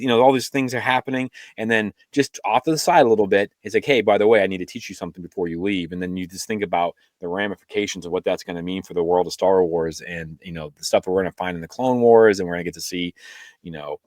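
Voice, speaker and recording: On a podcast, a male co-host with a lowish, darkish voice rambles through casual chat, full of fillers and restarts. It's a dry, studio-quality recording.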